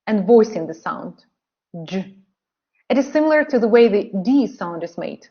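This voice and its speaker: A woman teaching English pronunciation in an online lesson. She speaks slowly and exaggerates each sound so learners can repeat after her. The audio is a bit dull and lo-fi, like a computer mic on a webinar. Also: a little high, lively intonation. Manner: slow, carefully exaggerated pronunciation drills.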